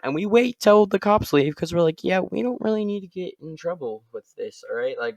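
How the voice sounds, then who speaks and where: A man hosting his own podcast, telling a story casually and rambling, often tagging sentences with a quick "all right?". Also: a little high, big pitch swings, darkish tone, no echo. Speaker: podcast host.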